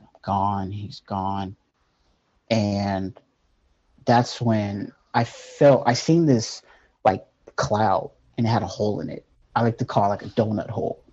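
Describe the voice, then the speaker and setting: Man recounting a personal story, halting and earnest, dark husky voice, dull lo-fi sound. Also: fairly low pitch. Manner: earnest, halting, with many fillers. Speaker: guest telling a near-death story.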